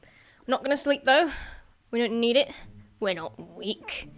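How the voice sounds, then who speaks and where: A woman giving casual gameplay commentary as a YouTuber, chatty and excitable, laughing often and talking to the creatures on screen. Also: a little high, measured pace. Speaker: gaming YouTuber.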